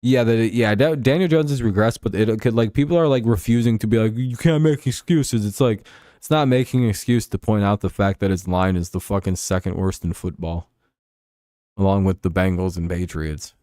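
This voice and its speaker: A man's voice: lowish voice, fairly even intonation, a little fast, dark tone, no room sound, clean studio sound. A man hosting a casual sports livestream, rambling through profane rants and reading chat. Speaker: sports show host.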